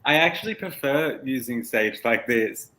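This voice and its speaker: A man's voice: mid-range voice, lively intonation, moderate pace, bright, forceful tone. Easygoing man, lots of "like". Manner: easygoing, filler-heavy, says "like" often. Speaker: medium, co-host. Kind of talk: casual live-stream chat.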